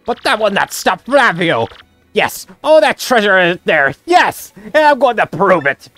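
A woman's voice: mid-range voice, very animated, unhurried, fairly bright tone, no echo. Brief: woman voicing a grandiose male merchant, over-the-top fake-Italian flair, faint music behind. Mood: boastful. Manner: theatrical fake-Italian phrasing, grand boasts. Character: pompous rich male merchant, dramatic and greedy. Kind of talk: voicing game dialogue aloud.

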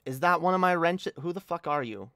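A woman's voice: lowish voice, expressive, a little fast, a bit bright, dry recording, clean studio sound. A woman livestreaming an angry rant, annoyed and swearing a lot, often stammering and restarting her sentences. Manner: profane, heated, stammering restarts.

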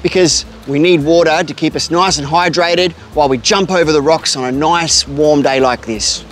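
A man's voice: a little high, normal speed, fairly bright tone, soft background music. An Australian man hosting a kids' outdoor adventure vlog outdoors by a creek, upbeat and talking straight to the children and his pet bird. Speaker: host of a kids' outdoor show.

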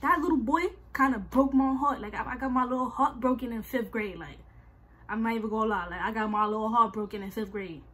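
A young woman with a husky voice, telling a storytime vlog in slangy, animated casual talk and repeating herself. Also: a little high, a little fast. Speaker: vlogger. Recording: faint music behind.

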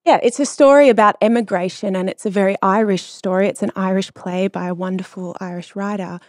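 A woman's voice: medium pitch, brisk, no room sound, clean studio sound. A woman, a stage actor, answering casually and hesitantly in an interview. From Australia. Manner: relaxed, hesitant, repeats words.

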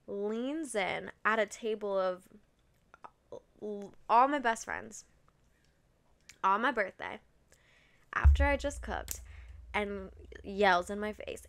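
A woman's voice: medium pitch, takes it slowly. A young woman hosting a podcast, telling a personal story in a candid, casual way, swearing freely and saying "like" often. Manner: candid and expressive, swears freely, many likes. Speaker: podcast host.

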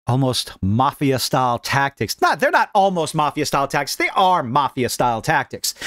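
A man's voice: a little high, no echo, clean studio sound. A middle-aged man hosting a ranting, sarcastic gaming commentary vlog, mocking as he talks. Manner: sarcastic, mocking, animated delivery.

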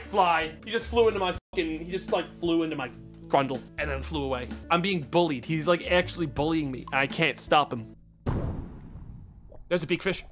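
A male streamer giving live gameplay commentary, excitable and swearing as he yells at the game. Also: on the high side, moderate pace, faint music behind.

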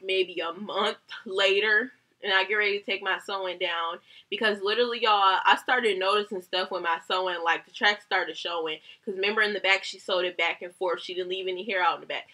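Bright-voiced woman telling a heated storytime. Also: medium pitch. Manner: heated, swearing, animated retelling. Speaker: hairstylist vlogger. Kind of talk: casual storytime rant.

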